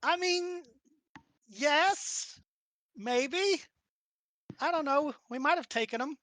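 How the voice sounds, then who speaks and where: A woman's voice: high voice, slow, a bit bright, no echo, pitched above the performer's own voice. A woman voicing a playful immortal female spirit who teases her companions in a tabletop game. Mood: teasing. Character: playful young female spirit Yuki, immortal body-hopper.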